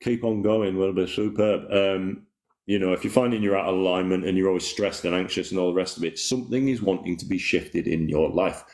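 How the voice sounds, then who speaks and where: Man, deep voice, rambling laid-back livestream chat, reads out comments, echoey room. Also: steady tone, brisk, darkish tone. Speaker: livestream host. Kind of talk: casual spiritual livestream chat.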